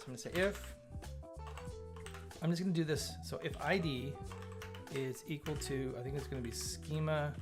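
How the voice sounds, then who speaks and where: A man hosting a live coding stream, chatting casually and thinking aloud, often stammering and repeating words. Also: a little high. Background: faint chill background music.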